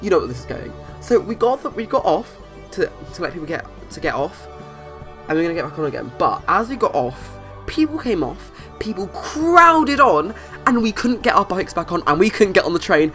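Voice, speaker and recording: A young adult rattles through a casual story at a quick clip. The talk rambles, full of restarts and fillers, over soft background music. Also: medium pitch, sing-song. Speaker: channel host. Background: faint background music.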